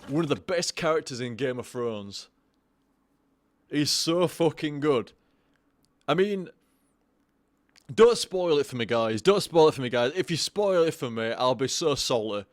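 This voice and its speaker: A man's voice: medium pitch, expressive, unhurried, no echo. A drunk young man streaming a game live, rambling, swearing and stammering over his own words.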